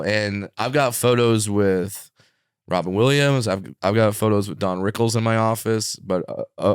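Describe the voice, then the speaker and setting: A man's voice: lowish voice, clear, resonant tone, no room sound. A man, a comedian guest in a podcast studio, telling stories in casual chat with lots of laughs and restarts. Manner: lively, laughing, restarts mid-sentence. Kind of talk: casual chat, animated storytelling.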